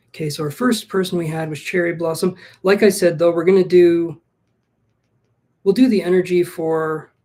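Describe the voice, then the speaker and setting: A man's voice: fairly high pitch, mellow. Chatty man giving a live tarot reading. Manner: chatty, self-joking, thinks aloud. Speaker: tarot reader.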